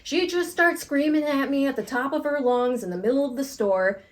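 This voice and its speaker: Woman podcast co-host, slightly high voice, animated storyteller, casual swearing. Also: moderate pace.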